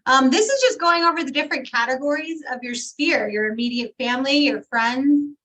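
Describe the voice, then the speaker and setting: A woman's voice: high-pitched, brisk, pushed and bright, low-quality recording. A woman leading a training session, prompting her guest for examples.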